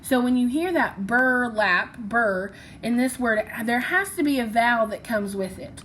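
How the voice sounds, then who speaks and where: A woman's voice: a little high, a little slow, a bit bright, slight background noise. A woman teaching a phonics lesson, patiently sounding out syllables and letters one by one.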